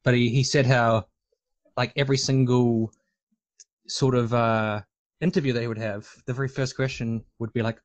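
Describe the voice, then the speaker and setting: A man's voice: mid-range voice, flat delivery, moderate pace. A man talking casually on a discussion panel, rambling with lots of fillers and restarts.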